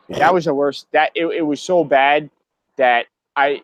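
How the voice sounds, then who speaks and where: A man hosting a podcast, telling a story in a casual, animated way and swearing a lot. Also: on the high side, a little slow, low-quality recording.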